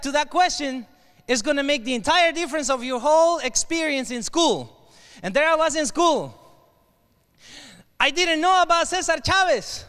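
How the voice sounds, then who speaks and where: High-voiced man with a Mexican accent. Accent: Mexican Spanish. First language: Spanish. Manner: animated storyteller, asks the crowd questions, slips into Spanish. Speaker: motivational keynote speaker. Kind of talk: storytelling keynote speech. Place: large hall with an audience. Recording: long hall reverb.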